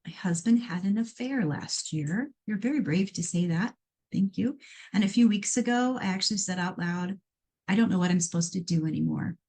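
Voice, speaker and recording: A woman's voice: medium pitch, moderate pace. Chatty Iowa woman hosting a psychic call-in show. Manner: chatty, animated, self-interrupting, playful asides. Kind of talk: live call-in show, reading and answering questions.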